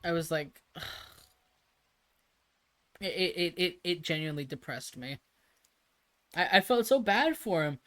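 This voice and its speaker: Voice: mid-range voice, animated, measured pace, long pauses, fairly bright tone. A livestreamer chatting casually, rambling and emphatic with frequent restarts and swearing.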